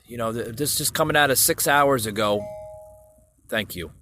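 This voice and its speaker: A man's voice: medium pitch, moderate pace, pushed and bright, a little hiss or hum. A man hosting a solo podcast, rambling through the news with many fillers and restarts and talking straight to his listeners. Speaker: podcast host. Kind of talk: casual solo podcast commentary.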